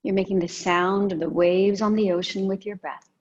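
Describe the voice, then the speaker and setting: A woman teaching a yoga and breathing class, giving calm, gentle cues with soft pauses. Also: medium pitch, muffled recording. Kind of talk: guided yoga and breathing instruction.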